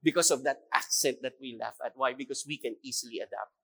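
A man's voice: medium pitch, quick pace, sharp tone. A male pastor with a Filipino accent preaching a sermon, emphatic and repeating key phrases, sometimes switching into Tagalog. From Philippines.

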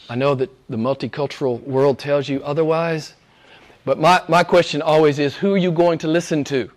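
A man preaching a sermon as pastor, moving between hushed, almost whispered lines and loud, emphatic passages. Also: a little high, fairly even intonation, normal speed.

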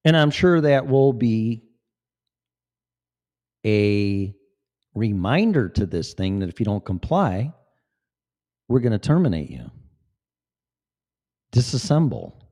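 Man in his fifties, casual rambling monologue, emphatic, profane, warm tone. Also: lowish voice, big pitch swings, slow, long pauses. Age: 50s. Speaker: vlogger.

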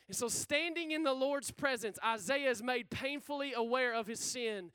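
A man's voice: very high-pitched, moderate pace, hardly any pauses, clean tone, no echo. A man preaching a sermon with energy and casual slang, calling out questions for the congregation to answer. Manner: energetic, call-and-response with the congregation.

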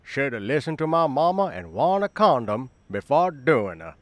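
A man's voice: medium pitch, big pitch swings, moderate pace, dry recording, natural voice. A man voicing a dim, blustering rural character.

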